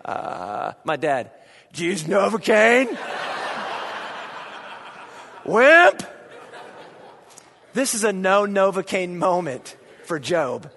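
A man in his thirties preaching a sermon, animated, breaking into shouts, recorded in a large church hall. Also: high-pitched. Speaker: pastor. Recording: long hall reverb.

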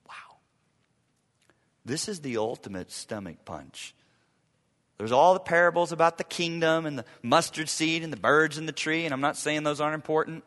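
A man preaching a sermon, with dramatic swings from loud urgency to hushed, near-whispered lines. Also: fairly high pitch, normal speed. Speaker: pastor. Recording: long reverb of a large hall.

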